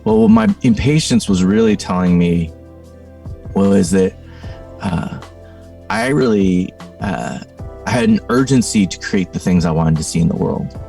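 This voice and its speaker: A man's voice: deep voice, big pitch swings, measured pace, creaky, warm tone, distant mic, soft background music. A middle-aged man, a podcast guest, telling a reflective story in a thoughtful, conversational way, full of "you know" and "like.".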